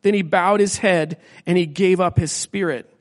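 A man on a church staff reading a scripture passage aloud with deliberate pauses. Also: sits high, steady tone, big-room sound.

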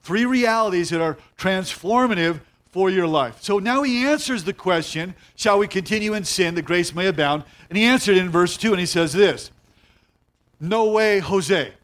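A middle-aged man preaching a sermon as pastor, emphatic, repeating key phrases and slowing down to stress words. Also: high-pitched, fairly bright tone.

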